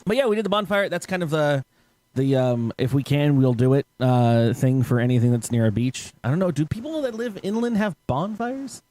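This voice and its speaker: A man's voice: a little high, expressive, brisk, mellow, dry recording. Rambling, laughing male podcast host. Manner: loose, rambling storytelling with frequent laughs and swearing. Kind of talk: casual chat.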